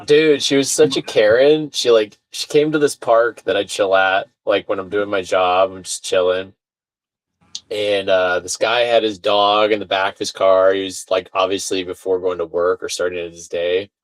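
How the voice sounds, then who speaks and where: A man telling a story in casual chat as a podcast guest, animated and swearing, laughing at himself, over a remote call mic that sounds far away. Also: sits low, normal speed, no room sound. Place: remote call from his studio.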